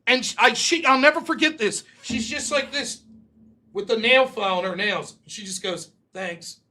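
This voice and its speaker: A man's voice: very high voice, animated, moderate pace, sharp tone. A man hosting a live stream, casually telling rambling, profane stories from his youth. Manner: profane, rambling anecdotes with quoted voices. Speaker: host.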